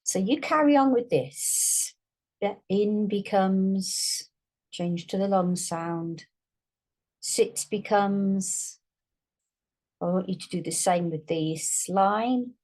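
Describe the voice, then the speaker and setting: A woman giving a phonics lesson, slowly sounding out and stretching each word for young readers. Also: mid-range voice, darkish tone. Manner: slow, drawn-out sounding out of words. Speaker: teacher.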